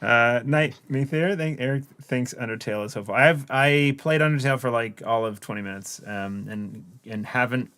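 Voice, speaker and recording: A man's voice: mid-range voice, normal speed, few pauses, a bit bright, dry recording. A man co-hosting a podcast, talking about games in a laid-back, wry way, often laughing. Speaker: podcast co-host. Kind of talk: casual chat.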